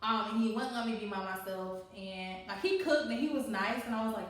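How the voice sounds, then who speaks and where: A young adult woman telling a personal story to listeners in a candid, animated way, often laughing and talking straight to them. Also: fairly high pitch, fairly quick, hardly any pauses, distant mic. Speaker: co-host. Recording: very echoey room, away from mic.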